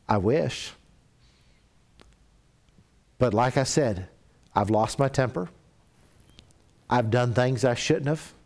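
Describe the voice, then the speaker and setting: A middle-aged man with a medium-pitched voice preaches a sermon in a church. He tells stories and acts out quoted voices, sometimes dropping to a soft, confessional tone.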